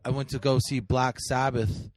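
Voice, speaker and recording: A man's voice: mid-range voice, little pitch movement, moderate pace, no echo. A man co-hosting a podcast, telling a story in a rambling, profane way full of fillers. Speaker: podcast co-host. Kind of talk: casual chat.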